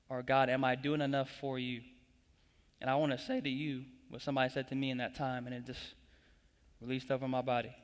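A young man preaching a sermon, building up with emphatic repetition and calling the congregation to repeat after him. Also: medium pitch. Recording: long echo of a large hall.

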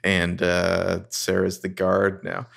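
A man co-hosting a podcast, recapping a TV episode in a relaxed, hesitant way and reading lines of dialogue aloud. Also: sits low, takes it slowly, gravelly. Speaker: podcast co-host. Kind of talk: casual chat recapping a TV episode.

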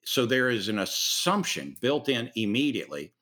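An earnest, reflective man hosts a casual conversation over a video call. His voice sits at an ordinary middle pitch, and he asks thoughtful questions. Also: very animated, moderate pace, sharp tone. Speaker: host.

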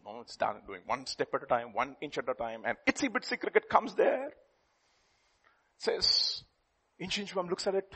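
A husky male preacher with a fairly high voice that rises and falls widely. He tells a story in a playful, lively way and laughs easily. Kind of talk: sermon with storytelling.

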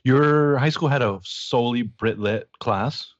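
A man's voice: mid-range voice, measured pace, no echo, highs cut off. A man co-hosting a podcast in casual chat, joking and laughing often, with lots of fillers. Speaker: podcast co-host.

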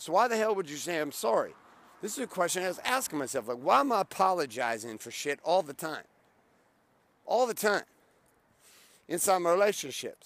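A man's voice: a little high, a bit bright, no echo. Blunt, profane motivational man, dry sound. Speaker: podcast host. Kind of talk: motivational monologue.

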